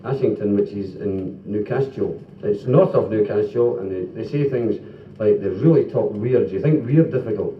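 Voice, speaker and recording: Scottish comic on a roomy 1970s club stage. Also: male voice, lowish voice, moderate pace, a little hiss or hum. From Scotland. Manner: jokey, lively storytelling with sung bits and self-interrupting laughter. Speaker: stand-up comedian. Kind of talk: live stand-up comedy. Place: club stage before an audience. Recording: roomy, distant, dull 1970s live club recording.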